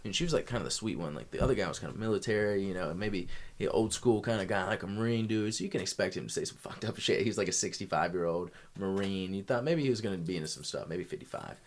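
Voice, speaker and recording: A young adult man with a low-pitched voice talks fast as a podcast guest, telling a long, casual story that rambles and restarts many times.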